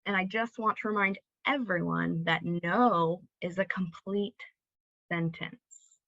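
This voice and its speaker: A woman's voice: lowish voice, slow, no echo, dull audio. A woman giving a recorded library presentation, explaining ideas steadily and walking through examples. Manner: clear, steady teaching delivery with examples.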